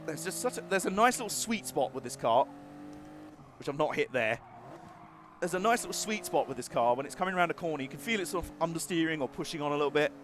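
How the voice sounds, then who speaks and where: A man giving live racing gameplay commentary, excitable and jokey, laughing often and swearing now and then. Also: on the high side, fast, a little hiss or hum. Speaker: game streamer.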